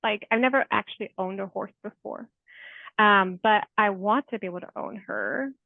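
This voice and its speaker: A woman in her forties, a therapist, speaks as an interview guest, telling stories conversationally in an earnest, heartfelt way full of "like" fillers. Her voice is medium-pitched with vocal fry, at a normal speed and with no echo. The audio is tinny, like a remote phone call.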